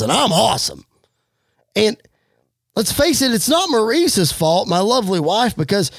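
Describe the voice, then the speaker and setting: A man's voice: high-pitched, slightly rough, dry recording, studio quality, exaggerated voice. A man doing a smug, arrogant wrestler. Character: arrogant, boastful male wrestler, cruel.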